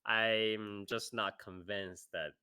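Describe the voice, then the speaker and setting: Male podcast co-host, bright tone, hedgy, laughs through his takes. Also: fairly low pitch, fairly even intonation, slow pace, smooth. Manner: hedging, laughs a lot between points. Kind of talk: casual review chat on a live stream.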